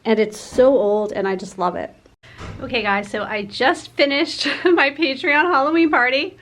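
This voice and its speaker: Chatty woman vlogger, fairly high voice. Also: normal speed, fairly bright tone. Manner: chatty, apologetic, laughs often; high, sing-song baby talk to her pets. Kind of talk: casual daily vlog.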